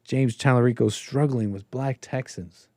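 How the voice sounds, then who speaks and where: A man's voice: mid-range voice, moderate pace, a little mellow, no room sound, studio quality. A man hosting a casual political commentary stream, rambling, thinking aloud and laughing often. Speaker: host.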